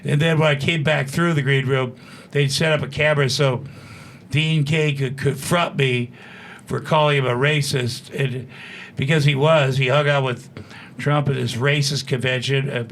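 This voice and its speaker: A man in his sixties telling a story as a studio guest, profane and animated, acting out what people said. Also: medium pitch, a little hiss or hum. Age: 60s. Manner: profane, animated, fast-talking storyteller who acts out quotes. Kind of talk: casual storytelling.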